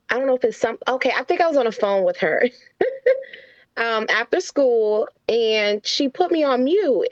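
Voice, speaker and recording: A woman guest, a mother and nurse, telling a story from her family life in an animated way and acting out what was said. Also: on the high side, dry recording. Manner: animated storyteller who acts out the quotes in her stories. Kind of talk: casual interview storytelling. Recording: slightly dull, lo-fi dry sound.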